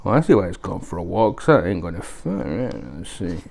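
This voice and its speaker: A man's voice: low-pitched, animated, a little fast, creaky, a little mellow, breathy edge. A man hosting a casual unboxing review, chatty and rambling with lots of fillers. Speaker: video host.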